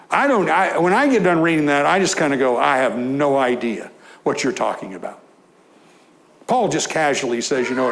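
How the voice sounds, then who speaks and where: A man's voice: a little high, a little hiss or hum, poor audio. Man preaching a conversational sermon. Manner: conversational, rises to emphatic scripture reading. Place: church.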